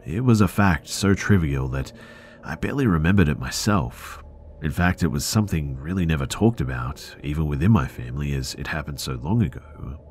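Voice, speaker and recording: Very deep-voiced man narrating horror stories. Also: expressive, darkish tone, a little hiss or hum. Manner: measured, earnest storytelling. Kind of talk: scripted narration of listener stories.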